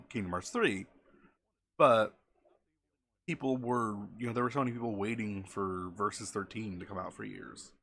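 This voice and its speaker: A man's voice: low voice, creaky, fairly bright tone. A man chatting casually as a game streamer, rambling and often correcting himself mid-sentence.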